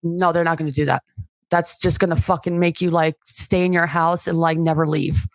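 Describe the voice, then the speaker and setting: A woman guest on a podcast, talking in a loose, blunt and profane way, slipping into little acted-out voices of other people. Her voice sits on the low side, and the sound is close and dry with no room around it. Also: fairly even intonation, moderate pace, creaky, dry recording. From Albanian family background. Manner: blunt, profane, acts out quotes. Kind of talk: casual podcast chat.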